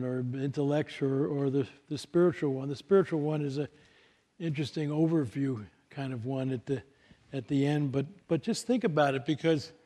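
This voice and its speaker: A man's voice: a little high, mellow. An older man giving a live talk to an audience, telling stories in a folksy way with many fillers and restarts. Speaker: speaker at a workshop.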